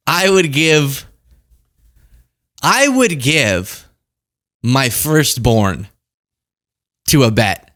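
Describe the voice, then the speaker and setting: A man's voice: medium pitch, lively intonation, extremely slow, pauses often, fairly bright tone. A young man hosting political commentary, talking casually with sarcastic, jokey asides.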